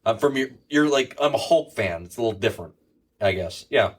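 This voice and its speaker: A man's voice: medium pitch, lively intonation, fairly quick. A man co-hosting a podcast in casual chat, rambling and swearing, laughing often. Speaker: podcast co-host.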